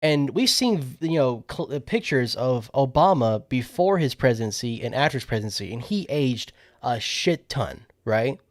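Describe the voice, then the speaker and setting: A man's voice: medium pitch, very animated, normal speed, few pauses, no echo, clean studio sound. A young man co-hosting a podcast in casual chat, rambling, swearing and laughing as he talks. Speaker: podcast co-host.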